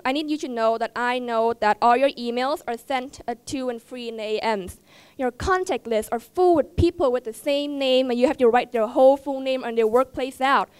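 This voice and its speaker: A teenage girl with a Vietnamese accent giving a heartfelt, halting speech at a school event, often repeating herself as she searches for words. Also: high-pitched, clear, resonant tone, no echo. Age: teens. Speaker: student speaker. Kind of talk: emotional personal speech.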